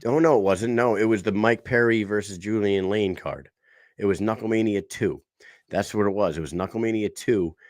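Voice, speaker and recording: Low-voiced, profane podcast co-host man. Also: moderate pace, darkish tone, no room sound, studio quality. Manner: profane, rambling storyteller who corrects himself. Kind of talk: casual sports podcast chat.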